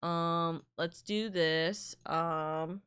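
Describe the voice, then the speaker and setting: A woman's voice: on the low side, steady tone, drawn-out words, fairly bright tone, clean tone. A woman streamer chatting casually on a live stream, rambling with asides while reading out and thanking chat messages. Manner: rambling, self-interrupting asides. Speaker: VTuber streamer.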